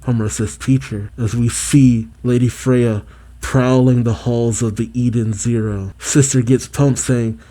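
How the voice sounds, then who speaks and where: A man's voice: mid-range voice, warm tone. A man reading a manga chapter aloud, quoting the characters' lines plainly and breaking off into his own reactions.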